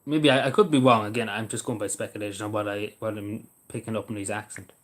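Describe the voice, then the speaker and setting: A man's voice: fairly low pitch, steady tone, fast. An Irish man chatting casually on a livestream, rambling and hesitant, swearing now and then.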